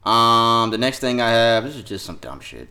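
A man's voice: mid-range voice, sing-song, normal speed, bright, forceful tone. A man hosting a podcast, chatting loosely with lots of profanity and laughter. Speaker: podcast host. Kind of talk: casual chat.

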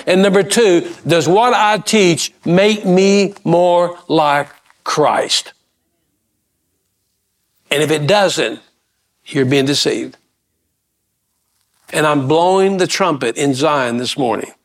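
A middle-aged pastor preaches with a fairly high, lifting voice. He pushes his points with rising emphasis and quick questions to the pews. Folksy asides and repeated words run through his talk. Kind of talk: sermon.

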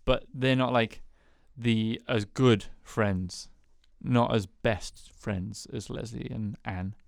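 A man co-hosting a podcast, chatting in a relaxed, easygoing way about TV friendships. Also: medium pitch, slow pace, gravelly, no echo, clean studio sound. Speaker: podcast co-host. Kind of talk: casual chat about TV shows.

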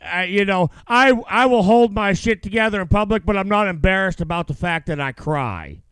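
A man's voice: high voice, animated, normal speed, a bit bright, clear, resonant tone, no room sound. Profane, rambling man on a podcast. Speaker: podcast co-host. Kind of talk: casual chat. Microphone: headset.

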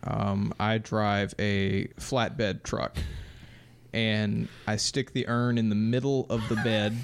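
A young man co-hosting a podcast in casual chat, delivering absurd jokes deadpan. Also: lowish voice, slow pace, gravelly, smooth. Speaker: podcast co-host.

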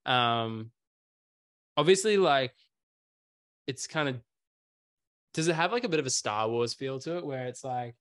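A man hosts a relaxed chat and rambles through his stories, leaning on "like" and "um". His voice sits at an ordinary pitch for a man. The sound is close and dry, with no room around it. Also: unhurried, pauses often, no echo. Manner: rambling storyteller, lots of fillers. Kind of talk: casual chat.

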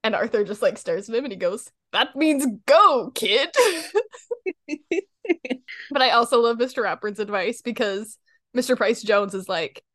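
A woman's voice: medium pitch, a little fast, a bit bright. A young woman chatting on a podcast, laughing a lot as she gushes and quotes lines. Her voice sits in an ordinary range, and the sound is close and dry with no room echo. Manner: giggly and gushing, breaks into laughter and quotes lines in a put-on voice. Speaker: podcast co-host. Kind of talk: casual podcast chat recapping a cartoon episode.

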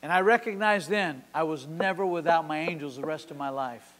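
A man in his sixties preaching a sermon at a church service. He tells a story with passion, swinging from sudden loud peaks to quiet drops. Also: a little high, a little fast. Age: 60s. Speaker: pastor. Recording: long hall reverb.

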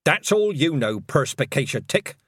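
A man reading the lines of a stern older witch, speaking slowly and dryly with clipped, commanding phrases in an audiobook. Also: a little high, sing-song, a bit bright, breathy edge, dry recording, voice pushed up, heavily acted. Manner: slow, clipped and dry.

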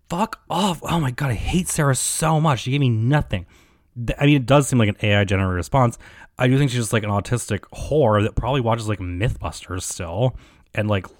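A man's voice: on the low side, a little mellow, dry recording, studio quality. A man hosting a podcast alone, ranting in a profane, sarcastic and rambling way. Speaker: podcast host. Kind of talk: casual solo rant.

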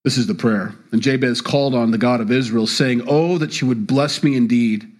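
A male pastor preaching a sermon, with animated delivery and sudden jumps in pitch on key words. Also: brisk.

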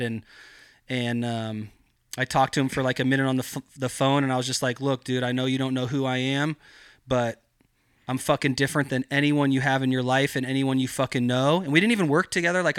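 A man's voice: mid-range voice, brisk, smooth, dry recording, clean studio sound. A man guesting on a podcast, telling a story in a casual, rambling way, swearing a lot, filling his talk with fillers, and acting out the voices he quotes. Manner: profane, rambling, animated, heavy on fillers.

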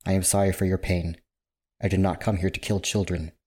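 A man's voice: low voice, little pitch movement, warm tone, breathy edge. A man voicing a solemn, formal dolphin soldier in a tabletop game. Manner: formal, measured phrasing.

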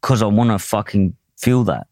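A man's voice: fairly low pitch, expressive, moderate pace, a little mellow, dry recording, studio quality. An Australian man telling his own story in a candid, blunt way, swearing often and restarting his sentences. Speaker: podcast guest, boxer.

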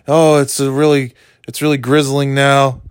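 A man in relaxed, casual chat, joking, rambling and making up silly words. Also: medium pitch, moderate pace, smooth, no room sound, studio quality.

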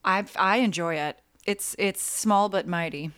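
A woman in her forties from North Carolina, chatting as a guest writer in a relaxed interview, talkative and quick to self-correct. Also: mid-range voice, smooth, dry recording. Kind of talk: casual interview chat.

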